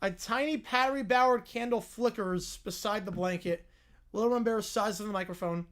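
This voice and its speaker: A man's voice: high voice, normal speed. A man hosting a livestream, reading fan-written comedy stories aloud and reacting with laughter between the lines. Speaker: livestream host.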